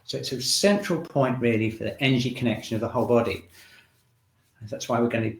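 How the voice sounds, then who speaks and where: A man leads a shiatsu class, calmly talking listeners through breathing and acupressure exercises. His voice sits in an ordinary middle pitch. It is picked up from a distance, with a roomy echo around it. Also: fairly quick. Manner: calm instructive, guiding along with the movements. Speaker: shiatsu teacher. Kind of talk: guided breathing and movement class. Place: room in a shiatsu centre. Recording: roomy sound, mic at a distance.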